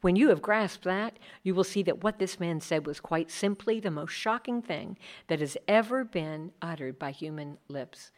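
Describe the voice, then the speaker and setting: A woman's voice: on the low side, normal speed, few pauses. A middle-aged woman speaking earnestly to a group about leading Bible studies, acting out the people she quotes. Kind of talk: talk with audience questions.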